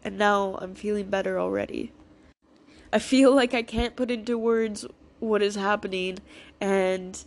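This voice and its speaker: A woman's voice: mid-range voice, steady tone, a little slow. Tearful woman talking through emotions. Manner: raw, tearful, self-reassuring, swears freely. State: crying, emotional. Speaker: vlogger. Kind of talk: emotional personal vlog.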